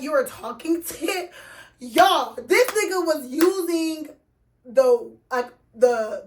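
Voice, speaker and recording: A woman with a Texas accent telling a story casually, full of slang and swearing, acting out the other people's lines. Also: high-pitched. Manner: animated, profane, slangy, acts out quoted voices.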